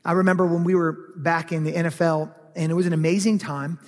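A male pastor preaching a sermon, telling a personal story with lively, animated delivery that turns heated and loud in places. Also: on the high side, fast talker, big-room sound.

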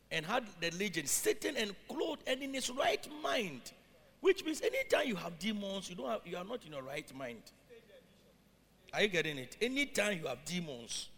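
A man's voice: on the high side, fairly bright tone, in a large hall. A man preaching a sermon, reading scripture aloud and then explaining it, often checking that his congregation follows.

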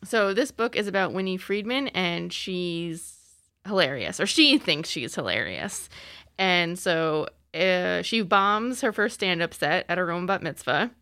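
A woman talks through her book picks in a relaxed, giggly way, full of "um" and "like". Her voice is a little low, with a gravelly fry and a bright, forward edge. The recording is dry and close. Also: a little slow, no room sound. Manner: giggly, chatty, lots of fillers. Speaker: librarian guest. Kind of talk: casual book recommendations.

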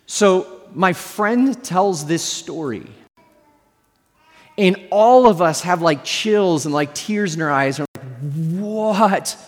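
High-voiced pastor preaching in a reverberant hall. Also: male voice, animated, takes it slowly. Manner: storytelling with humorous asides to the audience. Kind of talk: sermon.

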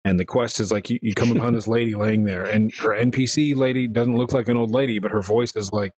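Animated, rambling man hosting a podcast. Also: fairly low pitch, quick pace, no room sound, low-quality recording. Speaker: podcast host. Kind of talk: casual gaming chat.

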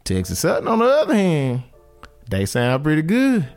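A man's voice: on the high side, normal speed, soft background music. A man hosting a casual reaction show, talking slangy and straight to his listeners about a band battle. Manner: animated, slangy, talks straight to his audience.

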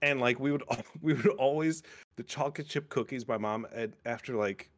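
A man's voice: mid-range voice, fairly quick. A young man hosting a podcast, chatting casually and rambling with lots of restarts and swearing. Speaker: podcast host. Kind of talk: casual chat.

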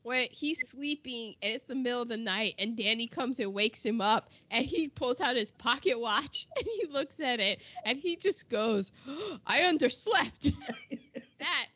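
Woman, casual film chat, high and very lively voice, laughs easily, dry slightly dull recording. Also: moderate pace, no echo. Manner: animated, laughs often, trails off mid-sentence. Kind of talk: casual podcast chat about an old film.

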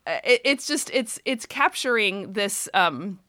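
A young adult woman co-hosts a casual chat about scripture, animatedly retelling a story, laughing often and acting out the quotes. Her medium-pitched voice is bright and forceful with lively intonation and a slow pace. The studio-quality recording has no echo.

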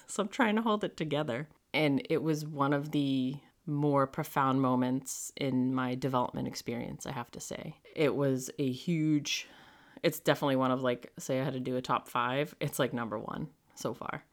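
A podcast host tells a personal story in a loose, conversational way, scattering "like" through every sentence. The telling is frank and animated, with some swearing, and the voice sits at a middling pitch. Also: moderate pace. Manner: chatty, heavy use of "like" fillers.

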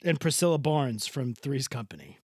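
A man's voice: mid-range voice, sing-song, normal speed, darkish tone, husky, no room sound, studio quality. A man improvising as a bawdy seventy-five-year-old woman in a comedy podcast bit, rambling and crude. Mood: bawdy gossip. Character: bawdy elderly woman playing a famous ex-wife, gossipy, crude.

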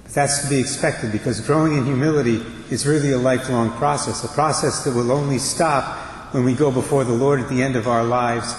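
A priest preaches a homily in a measured, deliberate way, leaving pauses between his phrases. His voice rings through a church with a long reverb, and a faint background hiss sits underneath. He is speaking into a pulpit microphone. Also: medium pitch, steady tone.

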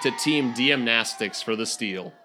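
A man runs a trivia game with a bright, tense edge to his voice. He announces questions, times answers and hands out points in a playful manner. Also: mid-range voice, measured pace, some chatter behind, slight background noise. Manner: announcing, playful, laughs between rulings. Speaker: quiz host. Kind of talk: game show quiz hosting.

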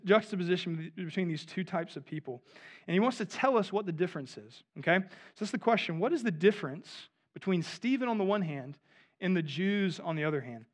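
A man in his thirties preaching a sermon in a conversational way, often asking his listeners "right?". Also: sits high. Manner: conversational, asks the audience "right?". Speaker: pastor.

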